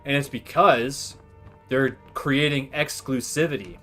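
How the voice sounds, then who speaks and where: A man chatting casually on his game stream in an ordinary mid-range voice, rambling through his opinions with plenty of filler words. Quiet game music runs under his talk. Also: mid-range voice, expressive, moderate pace. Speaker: livestream gamer. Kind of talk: casual gaming commentary.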